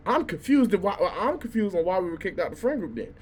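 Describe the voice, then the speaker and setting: A young man in his twenties, a college student vlogger, telling a story in a casual, animated rant, swearing freely and stumbling over repeated words. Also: high-pitched, fairly quick, slight background noise.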